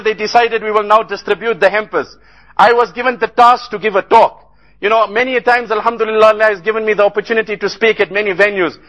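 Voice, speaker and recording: A man's voice: high-pitched, a bit bright, rough recording. A man giving an earnest sermon about a relief trip, telling stories and rising into impassioned appeals. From South Africa. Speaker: Islamic speaker.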